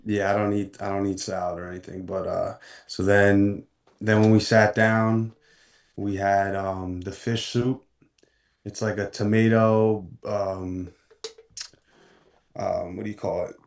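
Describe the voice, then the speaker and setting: A man in his twenties, a guest in a casual chat, talking in a relaxed, hesitant way with lots of ums as he searches for words. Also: fairly low pitch, unhurried, vocal fry, recorded from a distance. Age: 20s. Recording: roomy sound from farther off the mic.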